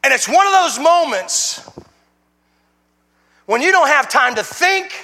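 A middle-aged man giving an emotional sermon testimony as a guest speaker, swinging from hushed to shouting. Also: very high voice, very animated, a little slow, big-room sound.

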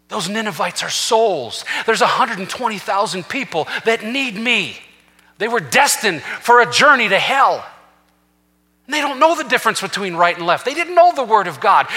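A man's voice: high voice, very animated, moderate pace, bright, forceful tone. A man preaching a sermon as senior pastor, telling a scripture story with acted-out quotes and rising to fervent peaks. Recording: long reverb of a large hall.

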